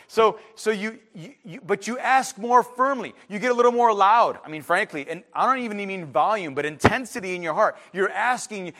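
A man preaching a sermon as a pastor, emphatic, his voice swinging between loud outbursts and hushed asides. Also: sits high.

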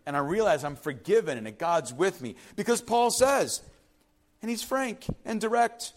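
Male preacher, high and very animated, dramatic sermon delivery with sudden soft drops. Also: normal speed. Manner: dramatic, swings from loud urgency to soft hush. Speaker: pastor.

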